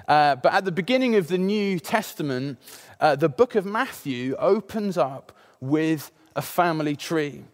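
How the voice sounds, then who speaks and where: A man's voice: on the high side, moderate pace. A man in his thirties preaching a sermon, opening with a personal story in a conversational way and many filler sounds.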